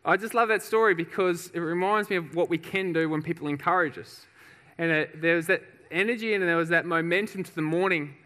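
Lively man preaching in a hall. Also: fairly high pitch. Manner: lively storyteller, laughs often, acts out shouts. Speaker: pastor. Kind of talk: sermon with personal story. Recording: reverberant hall.

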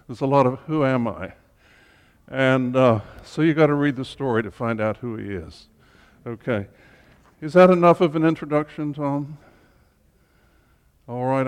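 Slow, chatty man in a reverberant hall. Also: medium pitch. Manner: chatty, with humorous asides. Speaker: Bible study leader. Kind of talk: informal teaching talk to a group.

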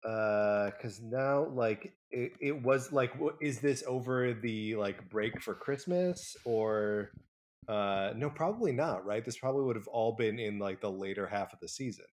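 A man's voice: mid-range voice, a little slow. Easygoing man co-host on a podcast. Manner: easygoing, hesitant, laughs often. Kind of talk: casual rewatch podcast chat.

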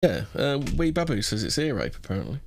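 A man's voice: mid-range voice, huge pitch swings, fast talker, creaky, slight background noise. A man hosting a live stream, rambling and laughing through crude banter. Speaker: stream host.

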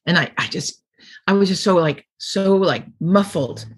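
A woman's voice: on the low side, animated, a little slow, slightly rough. Chatty woman comedian telling stories. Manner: rambling anecdotes, acts out quotes. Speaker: comedian guest. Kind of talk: casual storytelling interview.

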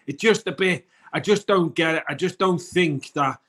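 British male co-host, earnest rambler, fairly high voice. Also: moderate pace, fairly bright tone. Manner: rambling, restarts often, earnest. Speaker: co-host of a morning wellness show. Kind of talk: casual morning show chat.

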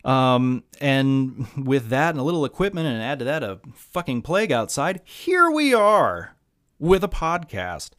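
A man's voice: medium pitch, very animated, unhurried, a bit bright. A man from the American South with a slight Southern accent, hosting a casual podcast monologue in a wry, candid, sardonic way with frequent ums. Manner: frequent ums and trailing asides. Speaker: podcast host.

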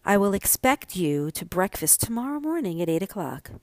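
A woman's voice: medium pitch, sing-song, moderate pace, darkish tone, dry recording, natural voice. A woman voicing a pale, tight-jawed young lieutenant who answers curtly, in a storybook reading. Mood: grim.

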